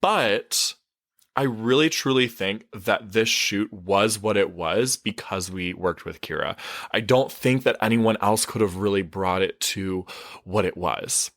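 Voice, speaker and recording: Chatty, expressive man with a lowish voice. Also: unhurried, no room sound, clean studio sound. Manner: chatty and expressive, swears, corrects himself mid-sentence. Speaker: life coach. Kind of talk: casual storytelling monologue.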